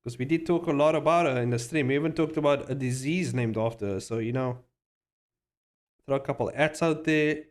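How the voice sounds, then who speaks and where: A man's voice: mid-range voice, fairly quick. A man chatting casually to his livestream viewers, rambling, laughing often and swearing freely. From South Africa. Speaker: streamer.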